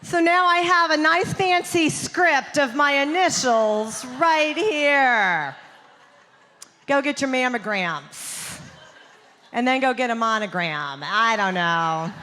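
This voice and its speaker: A woman performs stand-up on a theater stage, talking to the crowd in a chatty, punchy way. Her voice is bright and fairly high. Her mic sound carries a long reverb from the hall. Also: expressive, slow pace. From Southern United States. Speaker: stand-up comedian. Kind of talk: stand-up comedy set.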